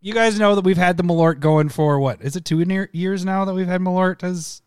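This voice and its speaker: A man's voice: high voice, steady tone, brisk, clear, resonant tone, no room sound, clean studio sound. A man hosting a casual live podcast with rambling, joking banter. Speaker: podcast host. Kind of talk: casual live-stream chat.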